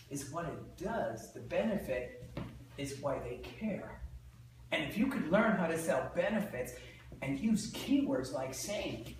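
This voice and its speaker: A man giving a lively, joking seminar talk to an audience, quizzing them with fill-in-the-blank questions. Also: a little high. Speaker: sales trainer. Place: large indoor room with an audience. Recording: echoey hall from far off, faint noise.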